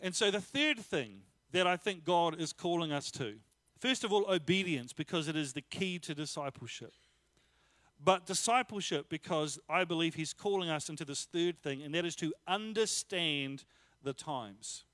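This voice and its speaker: A man preaching a casual sermon, telling personal stories in a lively, joking way. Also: fairly high pitch, normal speed, no room sound. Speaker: pastor.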